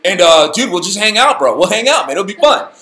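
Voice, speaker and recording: A man's voice: high voice, sing-song, fairly quick, roomy sound, a crowd in the background. Man doing a stoked surfer-dude Zacchaeus. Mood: excited. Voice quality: slangy bro talk. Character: laid-back surfer-dude Zacchaeus, short, excited man.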